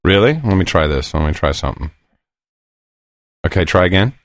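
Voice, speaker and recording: A man's voice: low-pitched, very animated, fairly quick, dry recording, studio quality. A man co-hosting a podcast in casual, playful banter, cueing soundboard clips. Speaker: podcast co-host. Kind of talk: casual chat.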